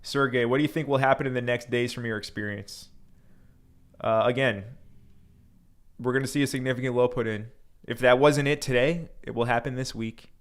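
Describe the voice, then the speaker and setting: A man's voice: mid-range voice, steady tone, fairly quick. A man hosting a livestream, reading viewer comments aloud and talking loosely with frequent fillers. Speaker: crypto livestream host.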